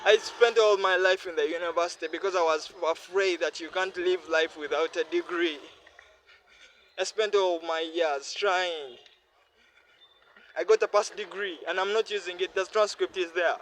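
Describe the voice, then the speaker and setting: A man's voice: high-pitched, steady tone, normal speed, a bit bright, a little hiss or hum, low-quality recording. A weary young man pouring out his feelings in a heartfelt, repetitive personal vlog monologue. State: weary, worn down. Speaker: vlogger.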